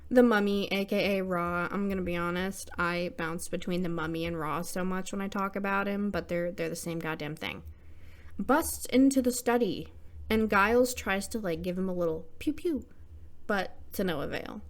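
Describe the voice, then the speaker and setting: A woman's voice: fairly low pitch, normal speed. A young woman hosting a scripted horror movie recap, irreverent and slangy, dropping muttered asides.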